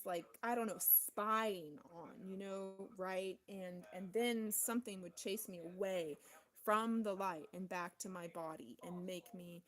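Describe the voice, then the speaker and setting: In an off-the-cuff personal vlog, a woman talks on and on, swearing heavily and using plenty of fillers. She veers from fast, low mumbling to loud, intense bursts.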